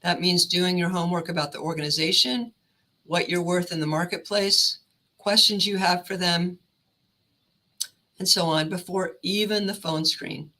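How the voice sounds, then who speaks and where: A woman career counselor giving a steady, instructive presentation on negotiating. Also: on the low side, rough recording.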